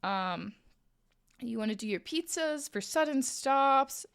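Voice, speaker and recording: A young woman chats on her live stream, her voice sitting a little high. She tells stories in a loose, animated way, full of "like"s and acted-out bits of what people said. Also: takes it slowly, gravelly, smooth. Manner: chatty, animated, many "like"s, acts out quoted voices. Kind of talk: casual storytelling chat. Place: home streaming setup, crafting while talking.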